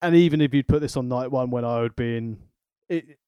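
A man's voice: medium pitch, brisk, clean tone, no room sound, lo-fi sound. A man co-hosting a casual wrestling podcast, talking with dry, sarcastic wit. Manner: wry, sarcastic commentary.

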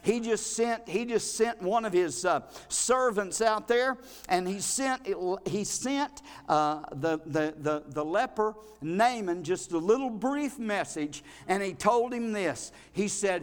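A male pastor, preaching a folksy, animated sermon in a church, with frequent restarts. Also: high voice, measured pace. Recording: long reverb of a hall.

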